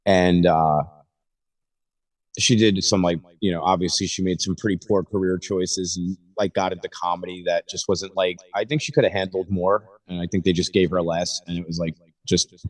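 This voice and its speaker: Young man, low-ish voice, jokey podcast banter, sits back from the mic. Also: level tone, normal speed, far from the mic. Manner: joking, riffing, laughs a lot. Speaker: podcast co-host. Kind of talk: casual chat.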